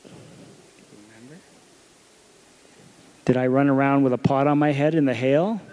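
A man in his thirties preaching a sermon, telling a gentle story about comforting his little daughter and asking her questions along the way. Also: medium pitch, steady tone, unhurried, background noise. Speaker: pastor.

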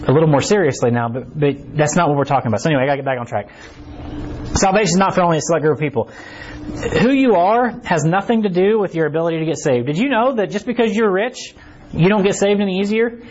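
Animated preacher, a man. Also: a little high, fast talker, breathy edge. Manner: animated, asks the congregation "right?" often. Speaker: pastor. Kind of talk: conversational sermon. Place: church sanctuary with a small congregation. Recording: slightly dull recording with faint ambience.

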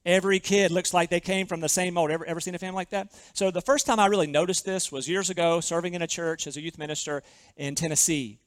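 A man preaching a sermon, reading scripture aloud and stressing key words slowly, with frequent rhetorical questions to the congregation. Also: sits high, fairly even intonation, no room sound. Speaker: pastor.

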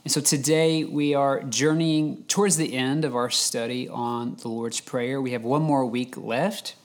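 A pastor delivers a sermon in a measured, conversational way. His voice sits at a middle pitch. He reads scripture slowly, with pauses so the words sink in. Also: steady tone. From United States.

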